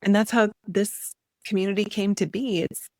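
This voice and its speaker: A woman's voice: mid-range voice, steady tone, normal speed, a little mellow, no echo. A woman guest in a casual interview, talking in an earnest, reflective way. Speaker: podcast guest.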